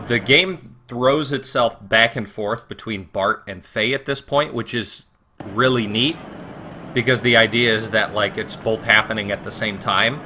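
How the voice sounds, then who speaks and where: A man casually commenting on a game, reading its lines aloud, swearing and joking with sudden loud outbursts. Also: on the low side, noisy background. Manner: profane, joking, animated outbursts. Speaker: let's play commentator.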